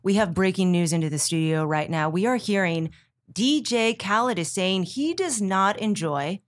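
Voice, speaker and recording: A woman's voice: mid-range voice, animated, normal speed, lightly acted. A woman doing a polished TV news anchor. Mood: mock-serious. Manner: smooth scripted anchor delivery. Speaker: TV host.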